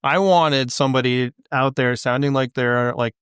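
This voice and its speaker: Canadian guy rambling on his podcast, dry close mic, middle pitch. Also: a bit bright, clean tone, no echo. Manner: rambling, quick asides and restarts. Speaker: podcast co-host. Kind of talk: casual chat.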